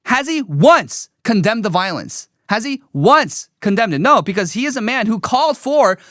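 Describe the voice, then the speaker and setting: A man's voice: high voice, sing-song, moderate pace, bright, forceful tone, dry recording, clean studio sound. A man hosting a livestream, commenting on a clip in an emphatic, scornful and repetitive way. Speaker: host.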